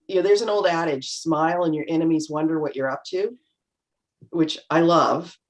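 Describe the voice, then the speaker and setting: A woman's voice: low-pitched, a little mellow. A middle-aged woman talking on a panel over a video call, chatty and full of anecdotes, acting out little quotes as she goes. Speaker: panel guest. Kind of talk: casual panel talk.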